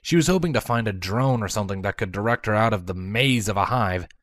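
A woman's voice: extremely low pitch, animated, quick pace, no room sound, studio quality. A woman narrating a fan-fiction story aloud, reading expressively and voicing every character.

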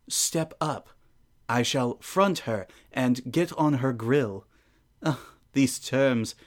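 A regal, ancient sun princess, acted by a man, thinks aloud in a refined, formal manner. Her tone is dryly amused and unhurried. This is a fan audio drama monologue in a mid-range voice. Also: medium pitch, a little mellow, lightly acted.

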